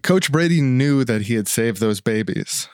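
A man's voice: medium pitch, animated, moderate pace, dry recording. A man co-hosting a comedy podcast, thanking supporters and narrating sketches in a dry, matter-of-fact way.

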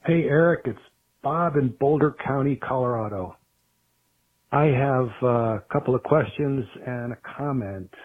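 A man's voice: mid-range voice, normal speed, breathy edge. A man leaving a phone message for a podcast, working through his questions one by one in a methodical way. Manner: methodical, listing questions in order. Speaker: caller. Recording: tinny phone line.

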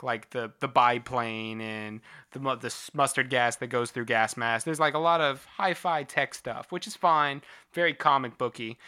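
A man's voice: mid-range voice, clean tone. A man chatting casually about a film, laughing often and acting out lines. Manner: animated, laughs often, acts out quotes. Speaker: co-host reviewing a film. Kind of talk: casual chat.

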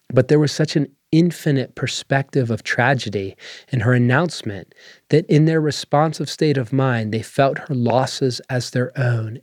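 A man reading a literary story aloud in measured, unhurried narration. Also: mid-range voice, darkish tone, no room sound, clean studio sound. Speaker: story reader. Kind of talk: scripted narration.

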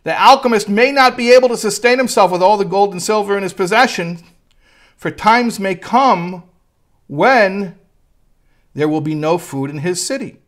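A man teaching a text study class, reading passages aloud and translating them line by line, with lively rises when he quotes. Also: high-pitched, normal speed. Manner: reads Hebrew text then translates line by line; animated, voice rising when quoting. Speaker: Torah teacher.

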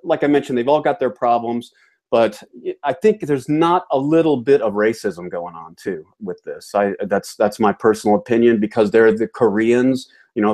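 A man's voice: medium pitch, a little mellow. Guy from georgia riffing on a talk show, folksy and opinionated. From Georgia, US South. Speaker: co-host of an appliance repair show. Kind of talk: casual chat.

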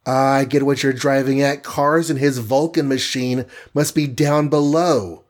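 A man reading aloud who voices a quick, alarmed young heroine with a raised, breathless pitch. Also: fairly even intonation, lightly acted. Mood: thoughtful. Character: young adult woman hero, quick and alarmed.

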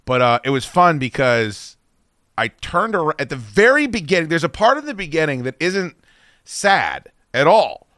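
Male podcast host, bright and lively, swears freely, dry close mic. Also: fairly high pitch, moderate pace, dry recording. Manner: animated, swears a lot, acts out quotes loudly. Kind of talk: casual profane chat.

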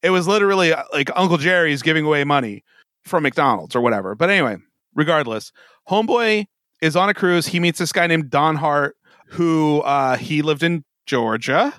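A man's voice: fairly high pitch, lively intonation, normal speed, a bit bright, no room sound, studio quality. A tipsy man hosting a podcast, telling a crime story in a casual, swearing way and laughing often. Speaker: podcast host. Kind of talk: casual true-crime chat.

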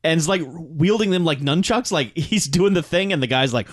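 A man's voice: on the high side, expressive, fairly quick, few pauses, no echo, studio quality. A man co-hosting a casual movie-review podcast, retelling action scenes with lots of "like" and frequent laughter. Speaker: podcast co-host.

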